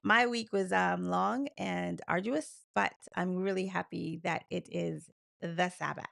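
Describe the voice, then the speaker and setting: A woman from New York co-hosting a casual live chat, talking fast and laughing often. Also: lowish voice, fairly even intonation, gravelly, heavy background noise. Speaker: co-host.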